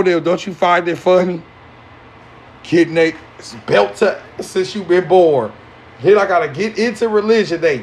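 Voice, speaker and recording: Preaching to a live crowd, a male spiritual teacher speaks in slang with a fairly high, creaky voice. He alternates loud bursts with quiet, mocking remarks while a soft ambient hum runs underneath.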